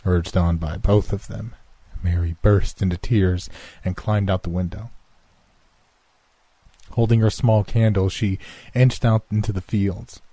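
A man with a low, husky voice narrates a horror story in a measured, hushed way. His tone is dark and mellow, recorded dry and close, with no room sound around it. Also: fairly even intonation, dry recording.

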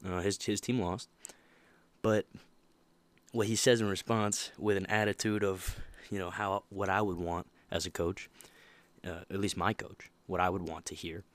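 Young male podcast host, low voice, animated motivational monologue, dry close recording. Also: moderate pace, no echo. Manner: animated, emphatic, laughs often.

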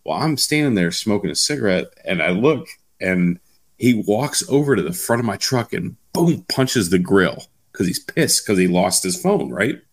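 A man with a very low, gravelly voice spins a rough workplace story in loose chat. He swears freely and gets animated. He sounds like he is in his thirties. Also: moderate pace.

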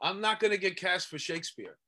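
A man's voice: high voice, fairly quick. A man with a New York accent, an actor, talking emphatically in casual chat with plenty of fillers. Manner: emphatic, animated, many fillers. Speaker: actor, co-host.

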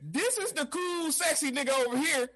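High lively guy on a podcast, cursing and ribbing his buddy. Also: moderate pace. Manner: animated, profane, teasing. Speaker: podcast co-host. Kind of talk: casual podcast banter.

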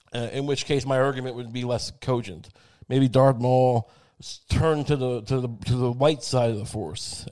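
A man's voice: mid-range voice, a little mellow. A man on a crude, rambling comedic rant, swearing constantly and digressing, slipping into mocking voices for the people he quotes.

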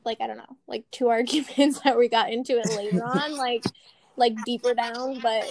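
Giggly young woman, higher voice. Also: fairly even intonation, moderate pace, darkish tone. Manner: giggly, filler-heavy talk. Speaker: podcast co-host. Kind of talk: casual chat.

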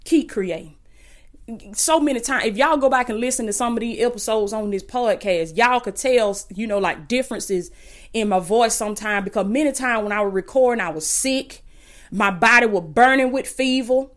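Fervent Southern woman preaching, fairly high voice. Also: moderate pace. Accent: Southern US (Alabama). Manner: impassioned, repetitive, calls listeners "baby". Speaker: podcast host and preacher. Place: at home.

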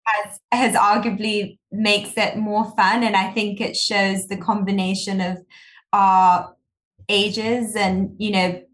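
A woman's voice: mid-range voice, flat delivery, takes it slowly, fairly bright tone. A young woman speaking in an interview, talking in long rambling sentences about her design partner. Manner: rambling, full of fillers and restarts. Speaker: designer, guest. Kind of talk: casual interview chat.

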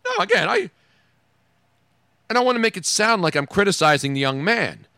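A man's voice: high-pitched, huge pitch swings, moderate pace, vocal fry, pushed and bright, dry recording, studio quality. A male radio host in wisecracking, emphatic morning banter, often talking over his co-host.

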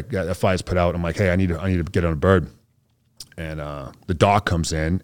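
Man, very deep voice, relaxed slangy storytelling, podcast guest. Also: clear, resonant tone, no room sound. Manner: laid-back, slangy, acts out dialogue of others. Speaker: podcast guest, Green Beret soldier. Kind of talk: casual storytelling interview.

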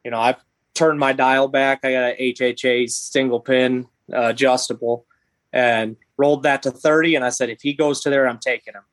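A man in his thirties, a podcast guest, telling a story in animated, halting bursts with many restarts. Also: mid-range voice, no echo.

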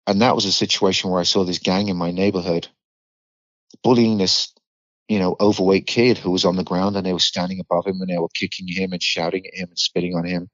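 A middle-aged British man from the UK, guesting on a podcast, tells a story bluntly and vividly, swearing freely. His low, fairly bright voice moves little in pitch and runs fairly quick. The dry recording is slightly dull, with no room sound.

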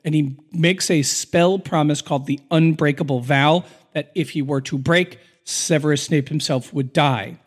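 Man, fairly high voice, earnest podcast recap, emotional. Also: fairly even intonation, moderate pace, hardly any pauses. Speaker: podcast co-host.

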